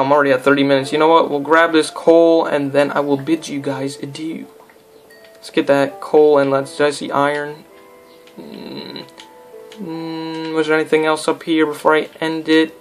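A man's voice: on the high side, flat delivery, moderate pace, faint music behind. A young man giving casual, rambling let's-play commentary, goofing around and talking to himself and the game. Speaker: gameplay commentator.

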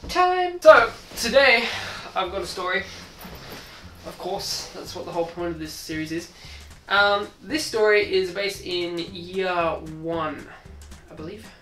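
A woman's voice: fairly low pitch, measured pace, a bit bright, a little hiss or hum. A woman vlogger telling a crude, rambling childhood story and slipping into character voices. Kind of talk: casual storytelling. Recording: echoey room, distant mic, faint music.

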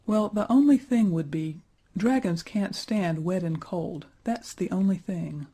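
A man's voice: sits high, measured pace, dark tone, slightly rough, exaggerated voice. A man reading the part of a sleepy, easygoing old stone knight woken from his slab in a storybook, yawning through his words.

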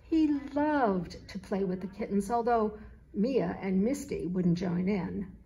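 A woman author reading her children's picture book aloud, in a slow, clear storytelling manner. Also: mid-range voice, mellow.

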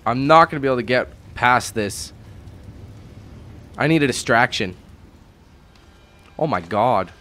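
Casual, swearing gameplay commentator. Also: male voice, mid-range voice, moderate pace, long pauses, bright, forceful tone. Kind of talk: casual let's-play commentary.

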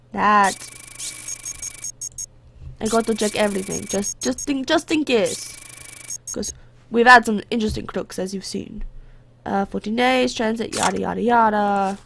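Gravelly woman chatting through gameplay. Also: mid-range voice, measured pace, pauses often, fairly bright tone, a little hiss or hum. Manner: chatty, drifts into playful put-on accents; talks to game characters as a border guard. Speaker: gameplay commentator. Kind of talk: casual let's play commentary.

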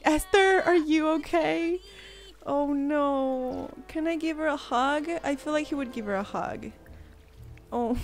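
A young woman giving excitable let's play commentary, giggling, gasping and fretting aloud while she plays. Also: on the high side. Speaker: gaming channel host.

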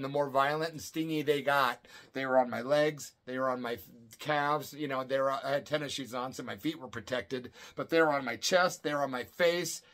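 Casting note: middle-aged man, pitched a little high, relaxed slangy vlog storyteller, emphatic and chatty. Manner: loose, slangy, emphatic retelling with fillers like "man" and "folks". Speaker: channel host telling a personal story. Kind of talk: casual storytelling to camera. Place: home at night.

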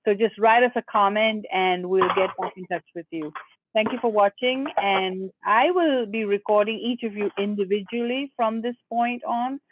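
A host making businesslike group announcements on a video call, with filler pauses. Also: mid-range voice, noisy background. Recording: dry, thin phone-like call audio.

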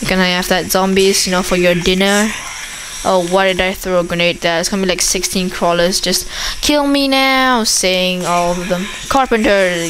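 Excitable woman narrating her gameplay, slow-paced. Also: medium pitch, slight background noise, poor audio. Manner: excitable, chatters at the game and the zombies. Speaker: gameplay commentator. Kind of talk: casual commentary over a zombie shooter game.

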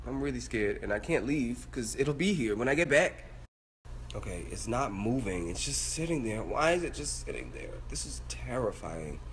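A young man talking into his phone at home, swearing and panicking. His voice leaps all over the place, from hushed mutters up to high yelps. A faint hiss of room noise sits behind him. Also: lively intonation, normal speed. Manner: panicky, swearing, swings between whispers and yelps. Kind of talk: selfie video vlog. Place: indoors at home. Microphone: phone camera.

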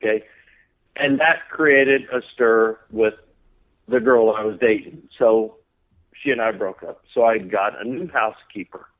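A man's voice: fairly low pitch, measured pace. A man with a Texan accent telling a profane, laughing story in casual podcast chat. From Texas. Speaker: guest. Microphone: phone call. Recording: tinny phone line.

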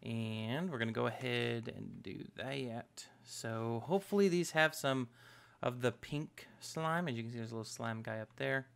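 A man giving casual let's-play commentary as host of a gaming channel, excitable, yelping and trash-talking the enemies on his screen. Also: mid-range voice, moderate pace, gravelly. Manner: excitable, yelps and trash-talks game enemies.

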